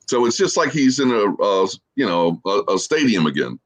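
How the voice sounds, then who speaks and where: Man, 40s, from Florida, podcast guest, low voice, rambling casual storyteller. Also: big pitch swings, normal speed. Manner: easygoing, rambling storyteller with many fillers. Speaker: guest, social media creator.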